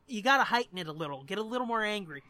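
A man's voice: high voice, expressive, rapid-fire, bright, forceful tone, no room sound. A man co-hosting a podcast in casual chat, swearing freely, laughing often and telling jokes. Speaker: podcast co-host.

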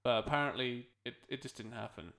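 A man's voice: medium pitch, animated, brisk, gravelly, a bit bright. Guy cohosting a chatty podcast, keeps correcting himself, laughs a lot. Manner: rambling, self-correcting, laughs often. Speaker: podcast co-host. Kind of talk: casual chat.

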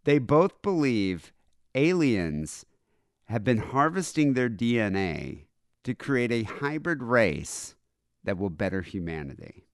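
A man's voice: medium pitch, sing-song, slow pace, dry recording, clean studio sound. A man co-hosting a comedy podcast from home, chatting casually in a rambling, irreverent way with lots of fillers. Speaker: podcast co-host.

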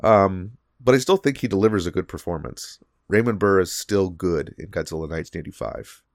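A man's voice: low-pitched, animated, fairly quick, dry recording, studio quality. A man co-hosting a podcast, chatting casually with lots of fillers and restarts. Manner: rambling, many fillers and restarts. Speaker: podcast co-host.

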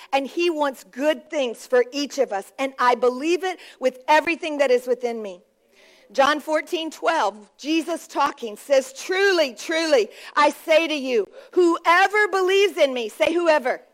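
Woman pastor with a high voice, fervent preaching, calling out to the congregation. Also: measured pace. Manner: fervent, repetitive declarations, calls for response. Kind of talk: sermon. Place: church service.

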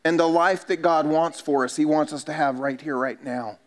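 A man's voice: on the high side, fairly even intonation, normal speed. A man, a pastor preaching a sermon in a church and telling stories with self-mocking humor. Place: church sanctuary.

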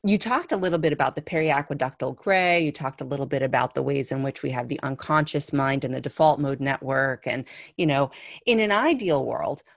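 A woman's voice: very deep voice, animated, a little fast, creaky, dry recording, clean studio sound. A woman interviewing a guest in a thoughtful, searching, reflective way. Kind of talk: conversational podcast interview.

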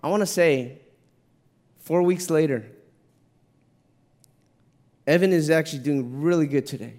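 Earnest pastor preaching a sermon. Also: male voice, unhurried, darkish tone. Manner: earnest, repeats words when moved, rises to an impassioned pitch in the story.

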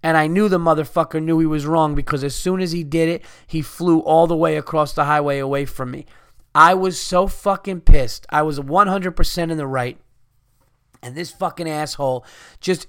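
A man's voice: a little high, a bit bright, smooth, dry recording, clean studio sound. A man in his thirties telling a heated, profane story as a podcast host, ranting and swearing. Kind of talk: angry storytelling rant.

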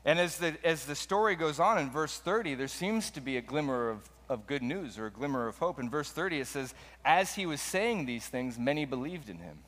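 A man's voice: fairly high pitch, expressive, fairly quick, few pauses, a bit bright, in a large hall. A man preaching a sermon as pastor, earnest and emphatic, often repeating his points.

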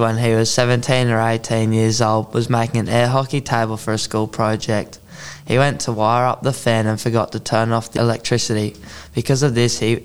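A man's voice: medium pitch, smooth. A teenage man co-hosting a student podcast, reading prepared links evenly.

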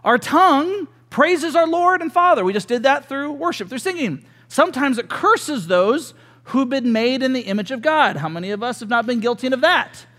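Male pastor, high voice, jokey sermon storyteller, reverberant church hall. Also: moderate pace. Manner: joking, animated storytelling with laughs.

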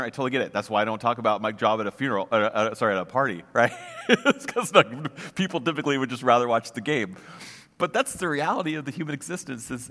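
A man's voice: medium pitch, sharp tone, big-room sound. A pastor speaking in a conversational, searching way, with many restarts and fillers, as he gives a casual sermon.

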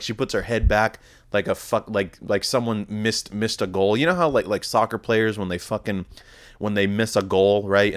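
A young man hosting a podcast, telling a story in a rambling, heavily profane casual monologue. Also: fairly low pitch. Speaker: podcast host.

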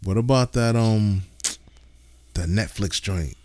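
A man's voice: on the low side, slow pace, a little mellow. A man co-hosting a casual podcast chat, laid-back and full of slang, laughing often. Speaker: podcast co-host.

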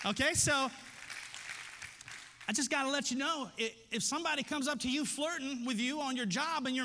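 A man's voice: very high voice, moderate pace, pushed and bright, big-room sound. A man preaching a sermon as pastor, conversational and joking, building to emphatic repeated lines. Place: church sanctuary.

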